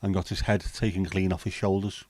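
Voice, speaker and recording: A man's voice: sits low, little pitch movement, fairly quick, darkish tone, dry recording. A man hosting a casual livestream, chatting, swearing freely and reading viewer comments aloud. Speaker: livestream host.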